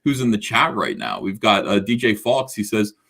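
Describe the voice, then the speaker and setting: A man's voice: fairly low pitch, sing-song, moderate pace, creaky, fairly bright tone, slightly rough. A man in his forties hosting a casual livestream, rambling and self-mocking, with many filler words and restarts as he reads viewer comments. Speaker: livestream host.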